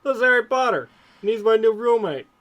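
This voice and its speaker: A man voicing an eager schoolboy wizard in a smooth, radio-like voice for a comedic fanfiction reading. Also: fairly high pitch, big pitch swings, moderate pace, fairly bright tone, muffled recording.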